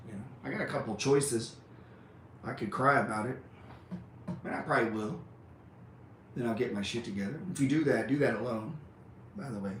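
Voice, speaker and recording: A man's voice: medium pitch, brisk, long pauses, a bit bright. A man hosting a trading show, giving an unscripted motivational talk. He swears freely, speaks bluntly and keeps ending sentences with "man.". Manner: profane, blunt, repeats "man" a lot. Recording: roomy echo with faint ambient noise.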